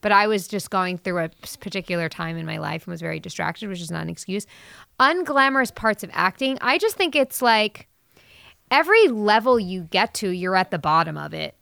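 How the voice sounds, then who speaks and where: A woman in her thirties talking candidly in casual chat, swearing freely and getting animated. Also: mid-range voice, a little fast, creaky, smooth, no room sound, studio quality. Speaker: actress and mother, podcast guest.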